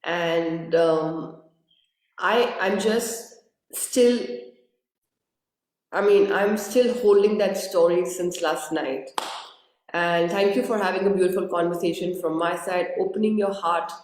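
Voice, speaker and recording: A woman from India introduces a live-streamed interview as host, sounding groggy yet earnest and effusive, repeating words. Her voice is fairly low, slow and a little mellow, in a very echoey room.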